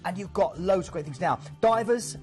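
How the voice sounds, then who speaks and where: A man from the UK talks through cruise ports in an eager sales pitch, lively and chatty, with a self-mocking joke now and then. His voice sits slightly high. Faint music plays behind him. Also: moderate pace. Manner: lively, chatty, jokes about himself.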